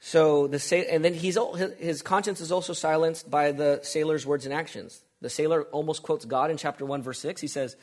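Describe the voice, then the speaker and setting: Emphatic preacher, man, slightly high voice. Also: fairly even intonation, fairly quick, hardly any pauses, a little mellow. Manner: emphatic, repeats phrases, asks rhetorical questions. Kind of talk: sermon.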